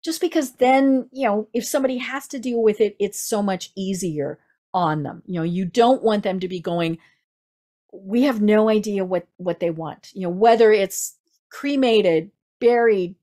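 A woman's voice: medium pitch, moderate pace, warm tone. A woman with a Midwestern American accent hosting an interview in a chatty way, full of fillers and restarts. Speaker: podcast host. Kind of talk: casual interview chat.

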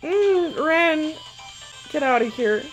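A woman's voice: high-pitched, lively intonation, slow pace. A young woman hosting her own gaming channel, chatting emotionally to herself and the game characters as she opens card pulls. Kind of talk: casual gacha-pull commentary. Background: faint game music.

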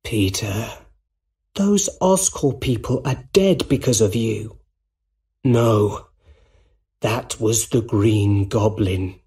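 A man voicing a wicked middle-aged male goblin villain in a storybook reading, speaking slowly and menacingly. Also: on the low side, darkish tone, husky, exaggerated voice.

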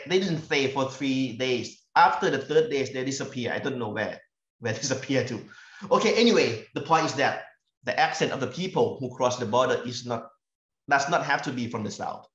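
A Thai-accented man lecturing on his fieldwork, halting and often repeating words as he looks for the right phrase. The recording is echoey and somewhat dull, as if captured in a lecture room. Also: medium pitch, expressive, a bit bright. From northeastern Thailand. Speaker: university lecturer. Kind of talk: academic talk sharing fieldwork stories.

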